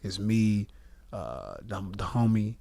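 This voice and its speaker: A man's voice: on the low side, sing-song, slow, vocal fry, warm tone, no echo. A comedian guest on a podcast, a man telling a loose, profane anecdote with quoted voices in casual chat. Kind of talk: casual storytelling. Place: podcast studio.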